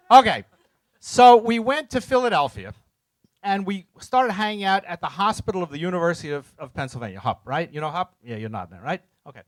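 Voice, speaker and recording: A middle-aged man telling a story to a room of listeners, his voice high and swinging widely up and down. He jokes about himself and acts out the voices and sound effects of his tale. The sound is dry and close. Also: lively intonation, brisk, no room sound. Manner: self-mocking, jokes with the audience. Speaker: speaker telling a story to an audience. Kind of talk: lively storytelling talk to a live audience.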